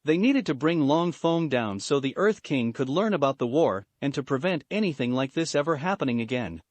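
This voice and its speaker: A man reading a fan fiction story aloud as scripted narration, even and unhurried. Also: fairly high pitch, no echo.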